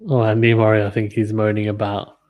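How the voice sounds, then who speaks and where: A man's voice: on the low side, completely flat delivery, a little fast, a little mellow. A young British man hosting a casual live tennis watchalong, chatting and reading viewer comments aloud. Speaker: live stream host.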